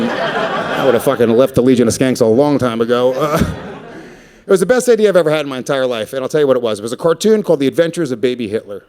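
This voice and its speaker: A man in his thirties works through a stand-up comedy set on stage. He is crude and profane and rambles from one bit to the next, throwing in quick asides as he goes. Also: mid-range voice, a little mellow.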